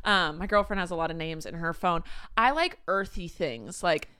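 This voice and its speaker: A young woman hosting a podcast, chatting playfully with quick asides and reading ads. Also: lowish voice, sharp tone, clean tone. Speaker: podcast host. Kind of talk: casual chat and ad reads.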